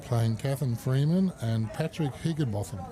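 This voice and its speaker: A man's voice: mid-range voice, normal speed, a crowd in the background. A man co-commentating a bowls match with a bantering, jokey manner. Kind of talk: live sports commentary. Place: outdoor bowls green. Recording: outdoor mic with steady background noise.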